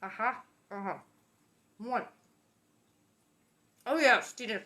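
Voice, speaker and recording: A woman's voice: a little high, animated, slow pace, a bit bright. A woman hosting a casual home cooking demo in her kitchen, chatty and playful, exclaiming often. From Los Angeles. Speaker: cooking show host.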